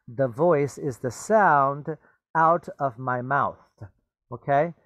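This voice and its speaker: A man reads a children's story aloud and stops to explain its words. He talks very slowly and patiently, checking in with his listeners. The recording is close and dry. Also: mid-range voice, fairly bright tone, dry recording. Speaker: teacher.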